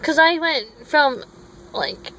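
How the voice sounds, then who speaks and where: A woman's voice: sits high, expressive, takes it slowly, fairly bright tone, rough recording. A woman tells a long, rambling story for her vlog, wandering off on tangents and stopping to correct herself. She is recorded on a phone, with a faint hum of noise underneath. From Minnesota. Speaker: vlogger.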